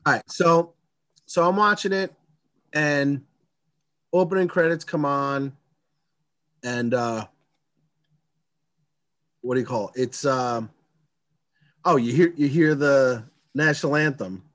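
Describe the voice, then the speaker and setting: A man's voice: mid-range voice, slow, long pauses, fairly bright tone, no room sound. A man co-hosting a podcast, talking in a loose, rambling way and laughing often during a casual chat about a movie. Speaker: podcast co-host.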